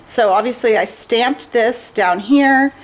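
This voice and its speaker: A woman's voice: a little high, takes it slowly, a little hiss or hum, low-quality recording. A woman who owns a craft shop, hosting a casual livestream demonstration in a chatty, upbeat way and laughing often.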